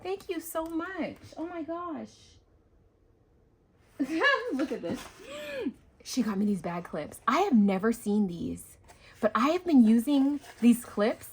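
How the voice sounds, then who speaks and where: A woman hosting a craft vlog, unboxing happy mail with excited gasps and gushing chatter. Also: fairly high pitch, measured pace, a little hiss or hum. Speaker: craft channel host.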